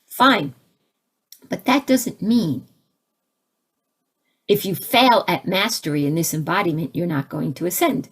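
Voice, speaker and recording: A woman giving a conversational spiritual talk, asking her listeners questions and turning animated as she acts out her own reactions. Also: measured pace, long pauses, breathy edge. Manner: animated, rising to high exclaims when acting out her own reactions; conversational, asks the audience questions. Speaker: spiritual teacher.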